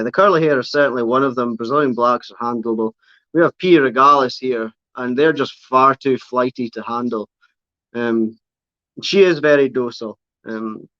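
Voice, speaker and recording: A man chats casually on a livestream, rambling fondly about his spider and cooing at her between thoughts. His voice sits mid-pitch, recorded dry and slightly dull, like a camera mic on a tripod. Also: fairly bright tone, dry recording. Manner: chatty, fond baby talk to his spider. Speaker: livestream host showing pet reptiles and spiders. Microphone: camera on a tripod, close by.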